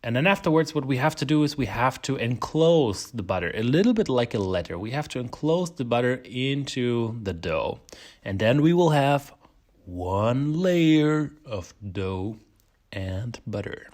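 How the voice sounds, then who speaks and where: A man's voice: mid-range voice, animated, a little slow, a little mellow. A man with a German accent, hosting a casual baking tutorial, chatty and self-deprecating, laughing often. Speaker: home baker, channel host.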